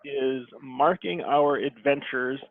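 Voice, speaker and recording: A man, a game publisher, talking casually on a video call in a thoughtful, rambling way with many pauses. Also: medium pitch, no echo. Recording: phone-like thin audio.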